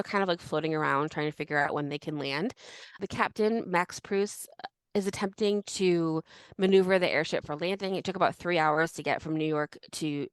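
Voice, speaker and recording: A young woman co-hosting a casual history podcast, animated and full of fillers. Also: on the low side, smooth, no room sound. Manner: animated, many fillers and restarts. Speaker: podcast co-host.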